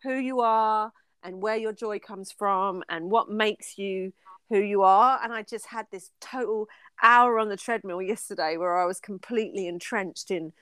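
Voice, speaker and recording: A woman in her forties co-hosts a podcast in an easy, chatty way, laughing as she goes. Her voice is smooth and clear. The recording is dry and close to the mic. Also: medium pitch, moderate pace, a bit bright, no room sound. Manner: chatty, laughs often, sings snatches of songs. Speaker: podcast co-host. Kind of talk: casual chat.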